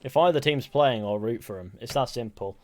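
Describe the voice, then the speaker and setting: A man's voice: mid-range voice, a little fast, dry recording. A chatty male streamer with a blended Mancunian and West Country English accent, talking in a middling voice. He rambles loosely and answers his chat. The sound is close and dry. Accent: mixed Mancunian, West Country and Southern English. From England. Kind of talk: casual live-stream chat.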